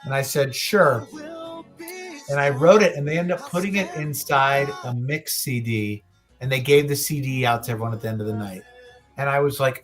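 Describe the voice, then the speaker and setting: A man's voice: medium pitch, normal speed. Man, late 30s, podcast co-host, rambling, swears a lot, faint music behind. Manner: rambling, profane, restarts a lot. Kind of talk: casual podcast chat.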